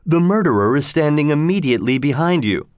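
A man reading the part of a calm, cryptic detective who speaks quietly and in a measured way. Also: a little high, clean tone, no room sound, clean studio sound, voice pushed up, lightly acted.

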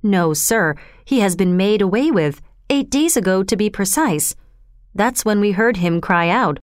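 A woman's voice: mid-range voice, animated, measured pace, dry recording, studio quality, close to an everyday voice. A woman reading the lines of a loyal, anxious older male butler in a storybook, speaking earnestly and insistently. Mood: grave.

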